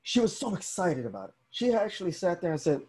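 A man's voice: high-pitched, fast, slight background noise. A young man in casual conversation as a podcast host, telling stories animatedly and acting out the people he quotes. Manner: animated storyteller, acts out quoted voices.

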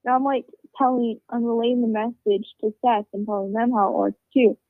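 A woman's voice: on the high side, fairly even intonation, moderate pace, no room sound. A woman telling a rambling, casual story, swearing a lot and filling it with "like" and "you know.". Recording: tinny phone-like sound, dry.

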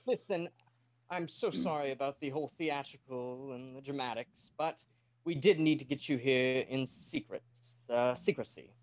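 A man's voice: mid-range voice, moderate pace, dry recording, natural voice. A man playing a formal military captain who briefs his recruits in a stiff, polite way. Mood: briefing. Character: brisk male military captain, formal and commanding.

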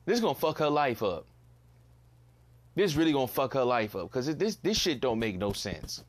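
A man's voice: mid-range voice, big pitch swings, normal speed. Blunt, exasperated young man ranting. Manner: blunt, exasperated, repeats himself, swears freely. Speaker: podcast host. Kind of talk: casual solo commentary.

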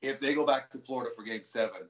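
A man's voice: medium pitch, fast talker. Male hockey play-by-play caller as a guest, easygoing anecdotal storyteller, roomy sound. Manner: relaxed, rambling with frequent restarts.

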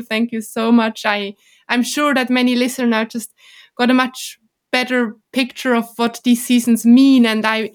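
Woman host, kinda high voice, hums along a lot, halting questions. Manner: frequent affirming hums, halting phrasing. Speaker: podcast host. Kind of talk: interview.

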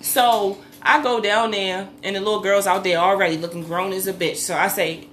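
A woman's voice: medium pitch, a little fast, few pauses, slight background noise. A middle-aged woman telling a long story in casual talk, swearing freely and acting out what everyone said. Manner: animated, profane, acts out quotes loudly. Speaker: podcast co-host.

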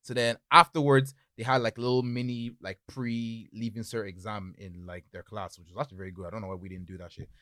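A young man in a casual chat, telling animated school stories that swing from mumbles to loud laughing outbursts. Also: lowish voice, a little fast, hardly any pauses, no room sound, clean studio sound. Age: young adult.

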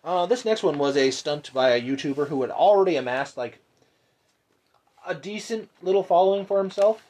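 A man co-hosting a casual podcast, telling stories in a lively, profane way. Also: fairly high pitch, moderate pace. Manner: animated, profane storytelling. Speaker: podcast co-host.

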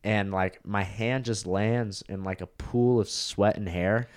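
A man's voice: fairly low pitch, fairly even intonation, a little slow, clean tone. A young man, a comedian guest, telling a crude story in a rambling, casual way that is full of "like".

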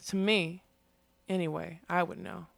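A woman's voice: on the low side, fairly even intonation, measured pace, gravelly, no echo. A woman reading as fierce scolding Molly. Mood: quiet. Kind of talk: audiobook character reading.

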